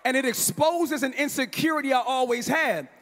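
A man preaching a sermon as pastor, in a sing-song style that climbs into shouts and repeats lines for emphasis. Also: extremely high pitch, moderate pace, some chatter behind. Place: large church hall. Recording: long hall reverb.

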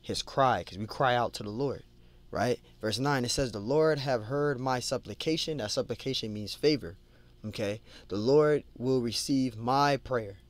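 This mid-range male voice belongs to a Bible teacher at an informal study, who first reads scripture at a slow pace and then goes through word meanings. His talk is conversational, with repeated and restarted words, and he tosses in "you know" while addressing listeners as "man."

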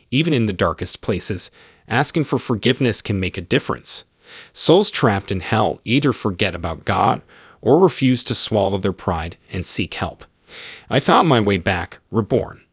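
A man's voice: lowish voice, breathy edge, dry recording, clean studio sound. A man telling his own story as scripted first-person narration, in terse, clipped, matter-of-fact sentences.

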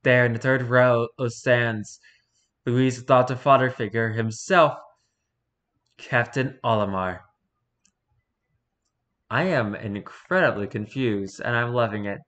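A man reading out posts for his channel as a streamer, with animated, exasperated commentary. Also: medium pitch, slow, long pauses. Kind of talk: casual commentary.

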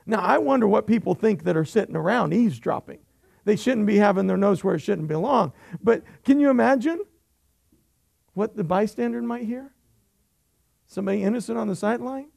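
A man's voice: high voice, animated, fairly quick, vocal fry, a little mellow. A middle-aged man preaching a sermon as pastor, with humor and frequent rhetorical questions to the congregation.

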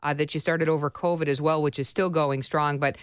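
Smooth-voiced woman hosting a radio show. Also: low-pitched, steady tone, no echo, studio quality. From Chicago. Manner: upbeat, brisk introductions with quick asides. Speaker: radio talk show host.

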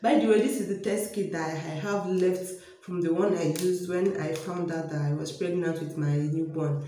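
A young woman with a Nigerian accent, vlogging casually to her viewers at home, excitable and repeating herself as she talks straight to them. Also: fairly low pitch, normal speed. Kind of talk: casual vlog talking to camera. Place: home room by a toilet, indoors. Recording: very echoey small room.

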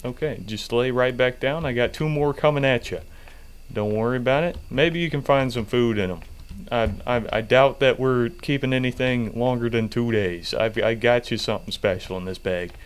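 A man's voice: medium pitch, normal speed, clean tone. Brief: male gamer, mid-range voice, sarcastic and jokey commentary. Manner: sarcastic, joking, swears casually. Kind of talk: game commentary.

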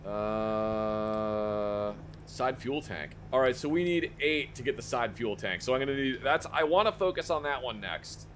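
A man giving casual live gameplay commentary as a streamer, talking to himself and breaking into excited outbursts. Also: measured pace, a little hiss or hum. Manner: excitable, talks to himself, sudden squeaky outbursts.

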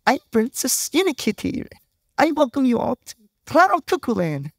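A man's voice: extremely high pitch, huge pitch swings, moderate pace, gravelly, fairly bright tone, dry recording, clean studio sound, voice pushed up, heavily acted. A man voicing a cheerful, sweet female unicorn-kitten princess from a cartoon movie, speaking in a bubbly, chirpy way.

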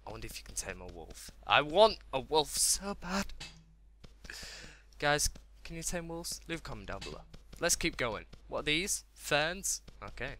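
Excitable man, very bright voice. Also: medium pitch, a little hiss or hum. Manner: excitable, exclamatory, talks to himself. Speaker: gaming video host. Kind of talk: let's play commentary.

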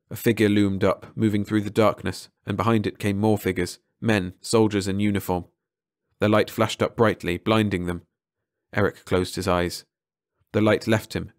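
A man narrating a short science fiction story aloud in a measured way, slowing on key phrases. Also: deep voice, clean tone, dry recording, clean studio sound. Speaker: audiobook narrator.

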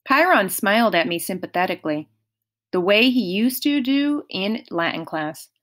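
A woman narrating an audiobook in a measured storytelling manner. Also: medium pitch.

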